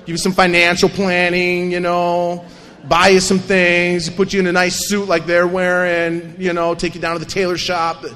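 A man with a fairly high voice tells his recovery story to a meeting, animated and self-mocking, with coarse jokes. His voice rings out with a long hall reverb behind it. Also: moderate pace, clear, resonant tone. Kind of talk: personal recovery story told to an audience.

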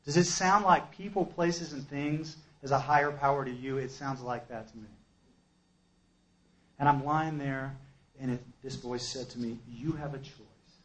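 A man giving a personal testimony at a recovery meeting, an emphatic storyteller who swings between loud outbursts and hushed asides. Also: mid-range voice, normal speed, low-quality recording.

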